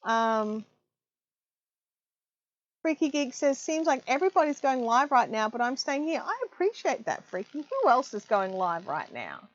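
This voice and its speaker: A woman's voice: high voice, big pitch swings, a little slow, muffled recording. A woman hosting a casual craft live stream, chatting loosely and reading viewer comments aloud with frequent ums. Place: home craft room.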